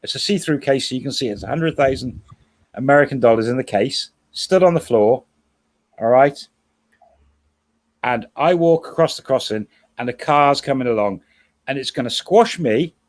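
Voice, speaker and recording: A middle-aged man with a voice of ordinary pitch talks through a livestream chat. He rambles through long examples and stops to correct his own words. His tone stays relaxed and conversational. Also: normal speed, long pauses. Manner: rambling, self-correcting storyteller. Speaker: co-host guest.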